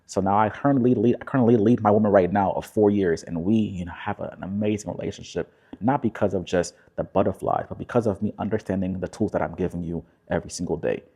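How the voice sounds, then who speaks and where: Laid back guy giving relationship coaching, low mellow voice, keeps saying right?. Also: quick pace, slightly rough. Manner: calm, repetitive, tag questions like "right?". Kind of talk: direct-to-camera coaching talk.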